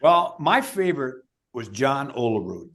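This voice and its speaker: A man's voice: mid-range voice, big pitch swings, measured pace, fairly bright tone. An older man, a retired umpire co-hosting, telling wry joking anecdotes in casual chat. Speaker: co-host, retired baseball umpire.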